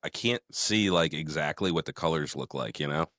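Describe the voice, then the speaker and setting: Deep-voiced, profane man shooting the breeze. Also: moderate pace, a bit bright, no echo, studio quality. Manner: profane, joking, reads listener mail aloud. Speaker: podcast co-host. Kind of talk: casual chat.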